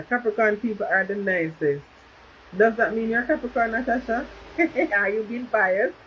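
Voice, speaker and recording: A woman's voice: medium pitch, highs cut off, a little hiss or hum. A woman chatting casually on a livestream, reading out viewers' comments and slipping into patois. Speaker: livestream host. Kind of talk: casual live chat with viewers.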